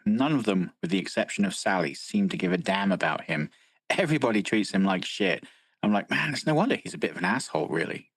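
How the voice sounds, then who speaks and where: A man's voice: on the low side, no room sound, poor audio. A man co-hosting a film podcast, analytical and blunt, swearing freely. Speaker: podcast co-host. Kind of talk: casual film discussion.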